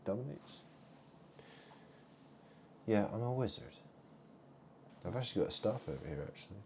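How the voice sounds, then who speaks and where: Low, dark-voiced man rambling. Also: expressive, normal speed, a little hiss or hum. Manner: muttering asides, swings between loud and hushed. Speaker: vlogger. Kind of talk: rambling monologue to camera.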